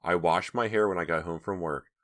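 A man's voice: deep voice, fairly quick, a bit bright. A man reading an audiobook, voicing a scornful teenage girl who talks sarcastically. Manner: sarcastic, scoffing.

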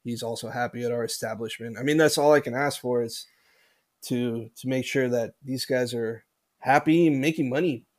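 A man's voice: mid-range voice, normal speed. A man who works as a bartender, guest on a podcast, talking casually and enthusiastically, often saying bro and man. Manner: enthusiastic and animated, says bro and man a lot. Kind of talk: casual chat.

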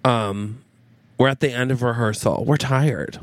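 A man co-hosting a comedy podcast, improvising a romance plot and quickly slipping into quoted lines. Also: mid-range voice, no room sound. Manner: narrates a scene and quickly switches into quoted voices. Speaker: podcast co-host.

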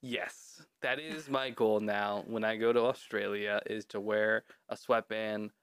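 A man's voice: on the low side, steady tone, measured pace, fairly bright tone, clean tone, no room sound, clean studio sound. A man hosting a casual podcast, telling a folklore story in a joking, mock-serious way and swearing often. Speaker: podcast host.

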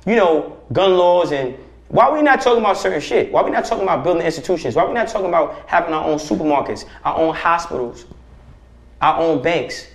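Preachy, forceful man in a roomy studio. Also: a little high, animated, quick pace. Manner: forceful, preachy, profane, rhetorical questions. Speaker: podcast guest. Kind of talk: impassioned podcast conversation. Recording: roomy echo.

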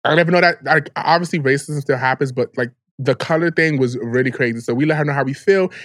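A man's voice: medium pitch, fairly bright tone, no room sound, clean studio sound. A young man co-hosting a podcast, telling a story in a sassy way and quoting dialogue. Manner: sassy, rapid recounting with quoted dialogue. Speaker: podcast co-host. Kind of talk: casual chat.

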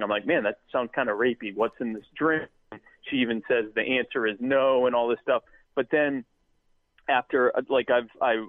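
A man's voice: medium pitch, dry recording. Southern male co-host, chatty and rambling, on a dry phone-quality line. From American South. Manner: rambling, joking, many fillers and restarts. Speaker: podcast co-host. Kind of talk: casual live show banter.

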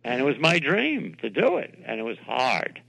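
An older man from New York City, a television producer being interviewed, telling animated anecdotes and acting out the voices of people he quotes. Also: mid-range voice, normal speed, vocal fry, poor audio. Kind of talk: interview storytelling.

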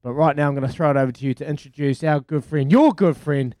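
A man's voice: a little high, little pitch movement, racing, darkish tone, no echo. A man, hosting breakfast sports talk radio with upbeat enthusiasm. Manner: upbeat, enthusiastic, hesitant when thinking. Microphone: studio mic.

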